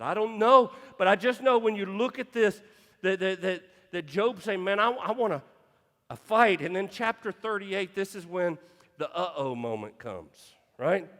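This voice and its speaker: A man's voice: high-pitched, a bit bright, long reverb tail. A man pastor preaching a sermon with passion, stumbling into restarts as he drives each point home. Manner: impassioned preaching with repeated restarts. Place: church sanctuary.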